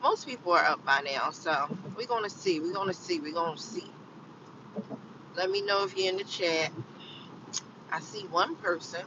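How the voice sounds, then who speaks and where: A woman's voice: fairly low pitch, moderate pace, pauses often, far from the mic, muffled recording, background noise. A tired woman in her fifties, live-streaming from her car on the way to work and chatting casually as she repeats her phrases over and over. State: tired and yawning. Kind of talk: casual live-stream chat while driving. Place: inside a car on the road.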